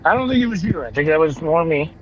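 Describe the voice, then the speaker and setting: A man chats casually on a podcast, his voice sitting a little high for a man and his manner relaxed, with dry teasing. The audio sounds dull and lo-fi, and faint music plays in the background. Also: fast. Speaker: podcast co-host. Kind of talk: casual chat.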